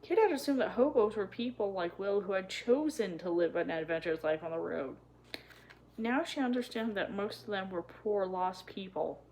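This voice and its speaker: A woman's voice: medium pitch, normal speed, darkish tone, a little hiss or hum, low-quality recording. Woman reading a children's chapter book. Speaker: storybook reader.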